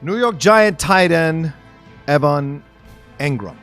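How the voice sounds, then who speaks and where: A man's voice: on the high side, expressive, takes it slowly, a bit bright, soft background music. A man taking part in a fantasy football draft, rambling with fillers before announcing his pick. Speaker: draft participant.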